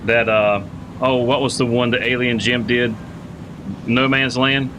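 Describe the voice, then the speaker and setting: A man's voice: medium pitch, flat delivery, unhurried, background noise. A man streaming a farming game live, chatting casually with viewers, greeting them by name and thinking aloud with lots of repeated words. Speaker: livestreamer playing a farming game.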